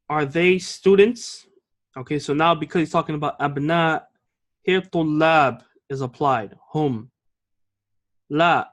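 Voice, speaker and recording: A man teaching an Arabic grammar lesson, explaining patiently and often checking with the class. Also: on the high side. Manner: reads example lines slowly and clearly.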